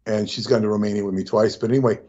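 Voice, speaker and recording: A man's voice: fairly low pitch, fairly even intonation, rapid-fire, mellow. Rambling male guest on dull audio. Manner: rambling, anecdotal storytelling. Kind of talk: casual chat.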